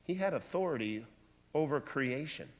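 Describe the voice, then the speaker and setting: A man preaching a sermon, animated and acting out voices from the scripture he reads. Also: fairly high pitch, normal speed. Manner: animated, acts out voices in quotes. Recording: long hall reverb.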